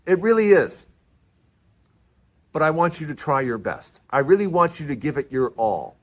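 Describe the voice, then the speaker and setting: A man hosting his own political commentary vlog, talking in an animated, emphatic way and often repeating and restarting his phrases. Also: on the high side, normal speed. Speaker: vlog host.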